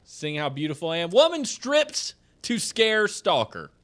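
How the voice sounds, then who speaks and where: Man, southern US, comedy podcast co-host, jokey, reads news aloud, lively swinging pitch. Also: unhurried. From South Alabama and Georgia. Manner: joking, animated, reads news aloud then riffs. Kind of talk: casual comedic chat, reading news stories.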